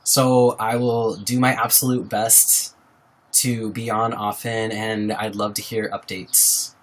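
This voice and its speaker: A man's voice: fairly low pitch, little pitch movement, takes it slowly, a bit bright. A young man hosting a casual livestream, talking earnestly and supportively to his viewers and reading out their names. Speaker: livestream host. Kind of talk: casual live-stream chat with viewers.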